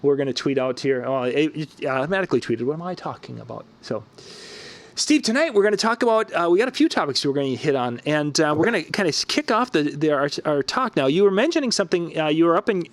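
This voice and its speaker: A man hosting a casual online talk show, upbeat and quick to laugh, with stumbling restarts. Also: fairly high pitch, expressive, no room sound. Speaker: show host.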